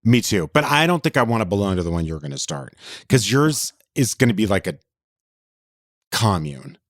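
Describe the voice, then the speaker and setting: A man with a very low voice chats as a podcast co-host, spinning stories with campy, dramatic flair. The sound is dry and close to the mic. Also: sing-song, normal speed, no echo. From Texas. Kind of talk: casual chat.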